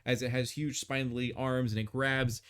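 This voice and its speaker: A man's voice: medium pitch, level tone, moderate pace, a bit bright, smooth. A man narrating as game master of a tabletop game on a live stream, rambling with many fillers and restarts.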